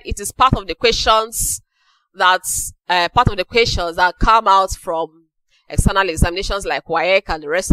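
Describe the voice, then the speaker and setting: A woman teaches a class with a bright, forceful, crisp voice that sits a little high. She goes over key phrases again, slowing them down so they sink in. The sound is dry and close. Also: dry recording, poor audio. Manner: repeats key phrases slowly for emphasis. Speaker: English teacher. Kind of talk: classroom lecture.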